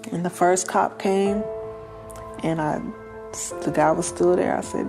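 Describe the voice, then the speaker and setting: A woman's voice: on the low side, fairly even intonation, a little slow, over music. A woman, a guest in an interview, earnestly telling her life story and acting out the voices of the people in it. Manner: earnest, acts out quoted dialogue.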